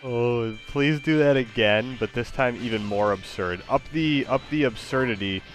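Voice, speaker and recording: A man chatting casually with an AI, laid-back and amused, pausing on fillers as he thinks. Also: mid-range voice, faint music behind. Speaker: user prompting an AI. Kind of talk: casual chat.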